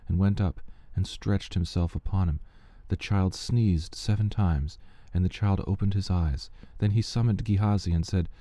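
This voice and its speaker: A man giving a steady, measured reading of Bible passages aloud, with the odd slip he corrects. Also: deep voice, no echo. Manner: steady, measured reading with small slips and restarts. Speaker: scripture reader.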